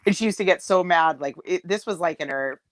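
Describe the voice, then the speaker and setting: Hosting a laid-back group live chat over video call, this middle-aged Massachusetts woman tells stories in a lively, joking way and laughs often. She speaks a little fast in a fairly low pitch, with no room sound.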